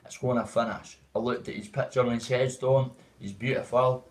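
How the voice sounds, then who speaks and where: A man's voice: medium pitch, steady tone, moderate pace, low-quality recording. Man, Dundee Scottish accent, livestream host, casual rambling chat, calls everyone mate. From Dundee, Scotland.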